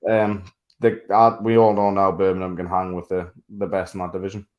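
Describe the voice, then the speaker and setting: A man co-hosting a casual sports podcast, talking bluntly, swearing freely and laughing loudly. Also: sits low, level tone, a little fast, highs cut off. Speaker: podcast co-host.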